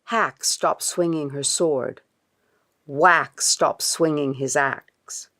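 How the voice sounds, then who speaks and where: A woman's voice: low-pitched, dry recording. A woman author reading her children's story aloud expressively in a studio. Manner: expressive, unhurried.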